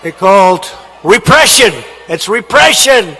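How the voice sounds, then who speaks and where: A man giving a campaign rally speech in a large indoor hall, shouting with emphatic, repetitive phrasing into a podium microphone. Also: sits high, expressive, measured pace. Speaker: politician at a rally.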